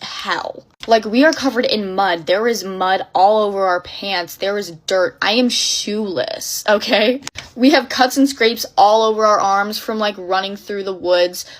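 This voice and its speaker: A young woman tells a wild personal story in a casual, dramatic way, packed with fillers. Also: fairly high pitch. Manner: breathless, dramatic retelling full of fillers.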